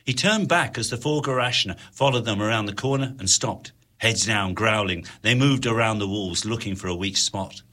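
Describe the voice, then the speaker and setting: A man narrating an adventure story in an expressive, dramatic way. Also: lowish voice, normal speed, hardly any pauses. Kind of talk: audiobook narration.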